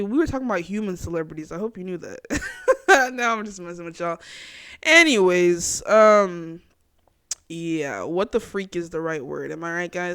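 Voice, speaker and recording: A young woman hosts her own casual chat show, reacting to clips in an animated, slangy way. She laughs often and talks to her viewers directly. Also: fairly low pitch, clean tone, dry recording, clean studio sound. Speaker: podcast host.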